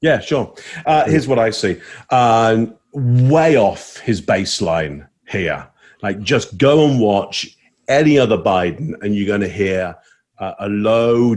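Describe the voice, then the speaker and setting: A man analyzing body language on a casual online panel, talking in a relaxed way with fillers as he thinks aloud. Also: fairly low pitch.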